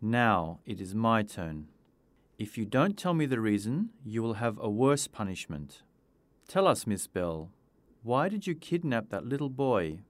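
A man's voice: fairly low pitch, very animated, a little slow, no echo. A man voicing a persistent male detective who questions firmly. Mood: stern. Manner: pressing, firm questioning.

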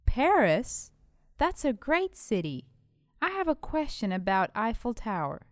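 A woman voicing a friendly British schoolgirl at a party, speaking slowly and carefully in a scripted language-lesson dialogue. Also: on the high side, big pitch swings, dry recording, studio quality. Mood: cheerful.

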